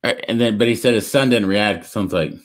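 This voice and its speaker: A man co-hosting a casual podcast, retelling stories in a rambling, animated way with lots of restarts. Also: fairly low pitch, fairly quick. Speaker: podcast co-host. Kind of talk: casual chat.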